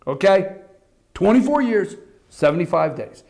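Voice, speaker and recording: A man hosting a political commentary show, talking to the audience in an animated, repetitive way and calling them folks. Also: sits high, moderate pace. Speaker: political talk show host. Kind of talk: opinionated commentary.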